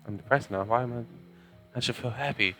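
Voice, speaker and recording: A man's voice: mid-range voice, a little fast, vocal fry, a bit bright, soft background music. A man casually commenting on a game as he plays, joking and rambling in self-deprecating asides. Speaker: gamer reading game text aloud. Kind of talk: casual let's play commentary.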